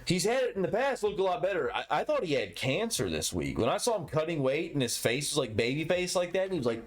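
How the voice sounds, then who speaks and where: A man co-hosting a casual fight-reaction chat, animated and profane. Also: a little high, fast. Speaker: podcast co-host.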